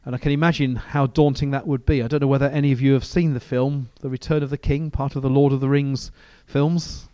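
A man's voice: mid-range voice, level tone, brisk, hardly any pauses, dark tone, no room sound, lo-fi sound. A man preaching a sermon and reading from the Bible, talking in a conversational way with frequent restarts.

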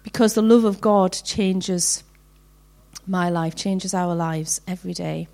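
A woman's voice: fairly low pitch, vocal fry, a little mellow. Earnest woman giving a devotional. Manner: heartfelt, earnest, slows down for readings. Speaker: women's ministry speaker. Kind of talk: devotional talk with scripture reading.

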